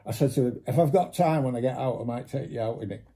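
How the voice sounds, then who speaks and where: A man with a dark, mellow voice spins a rambling road-trip anecdote in easy conversation. He swears often and slips into the voices of the people he quotes. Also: medium pitch, fast talker. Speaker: storyteller. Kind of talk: casual anecdote.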